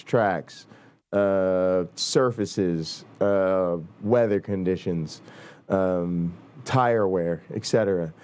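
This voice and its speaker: A man's voice: fairly low pitch, darkish tone, clear, resonant tone. A male host chatting loosely and then reading an academic text aloud with many fillers. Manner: loose, profane, halting with fillers while reading. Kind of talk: casual talk and reading aloud.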